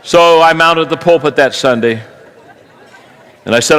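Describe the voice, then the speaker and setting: High, bright-voiced animated preacher. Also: male voice, a little slow, clear, resonant tone, some chatter behind, poor audio. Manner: animated storytelling, swings from hushed to shouting. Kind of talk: sermon.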